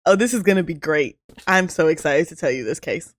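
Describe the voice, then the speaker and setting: A woman's voice: low-pitched, fairly quick, dry recording. A woman from the American South with a Southern accent, co-hosting a casual podcast and telling the story with lots of laughs. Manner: giggly, animated storyteller. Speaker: podcast co-host.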